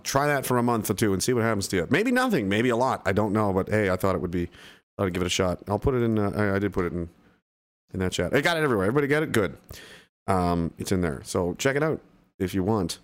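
A man's voice: lowish voice, expressive, fast. A man hosting a livestream, reading out chat and rambling casually, swearing and full of fillers and restarts.

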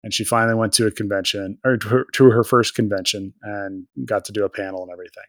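A man's voice: fairly low pitch, fairly even intonation, fast talker, a bit bright, no echo. Man, podcast co-host, casual rambling recap, joking, close dry mic. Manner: rambling, joking, full of fillers and restarts. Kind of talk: casual episode recap chat.

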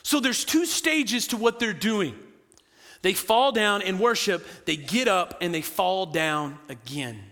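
A man preaches in a high, bright voice, animated and full of quick asides to the congregation. His words ring out with a long reverb in the church sanctuary. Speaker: pastor. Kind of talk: sermon.

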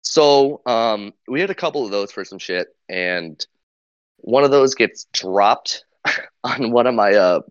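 Man, lowish voice, dry, muffled lo-fi mic; hesitant casual storyteller. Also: animated, slow, clear, resonant tone, no room sound. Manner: hesitant, many fillers, laughs while talking. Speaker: podcast co-host. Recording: dull lo-fi mic.

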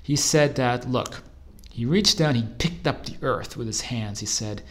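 A man's voice: mid-range voice, measured pace. A man telling a personal story in casual first person, rambling and correcting himself as he goes. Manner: rambling, self-correcting, trails off and restarts mid-thought. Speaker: storyteller recounting a personal experience.

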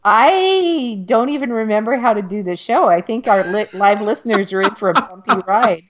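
Woman co-host on a radio show, dry wry jokes, pitch bouncing around a lot. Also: animated, moderate pace, background noise. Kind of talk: casual banter on a talk radio show.

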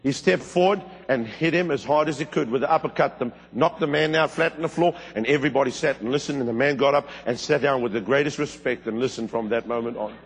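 A middle-aged man preaching a sermon, telling stories with fervor and sudden high, loud bursts. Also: quick pace, few pauses, a little hiss or hum. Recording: long hall reverb.

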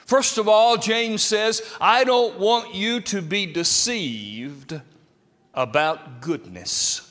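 Male preacher, high and animated, slow and deliberate, reverberant church hall. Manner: lively, dramatic delivery with acted quotes. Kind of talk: sermon.

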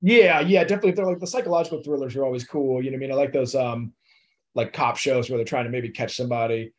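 A man's voice: mid-range voice, fast. A young adult man, an actor guest in an interview, talking in a loose, laid-back way with lots of fillers and easy laughs. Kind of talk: casual interview chat.

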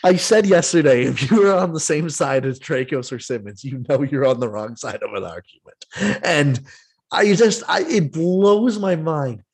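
A man hosting a casual sports podcast, ranting in an exasperated, animated way with some swearing. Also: on the high side, normal speed, slightly rough. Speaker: podcast host.

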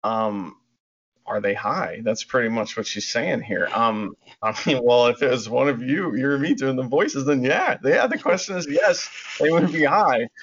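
A man's voice: mid-range voice, expressive, moderate pace, a bit bright, husky. A man co-hosting a podcast in casual chat, giggly, loose and rambling. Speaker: podcast co-host. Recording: dull lo-fi audio.

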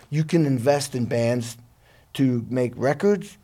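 Middle-aged guy telling band stories, lively, swears a bit, mid pitch. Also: slow, noisy background. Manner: animated, profane, laughing storyteller. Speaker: guest musician. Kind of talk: storytelling interview.

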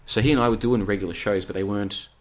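A man in a rambling, casual solo talk, drifting from one story to the next. His voice sits fairly low. He reads out listener comments and answers them in a chatty way. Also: fairly even intonation, quick pace. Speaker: podcast host.

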